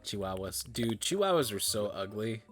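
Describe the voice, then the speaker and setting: A man's voice: on the low side, sing-song, moderate pace, soft background music. A tired man casually muttering and commenting as he plays a game, swearing now and then. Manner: muttering, swears casually, drifts between loud and quiet. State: tired, yawning. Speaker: gaming streamer.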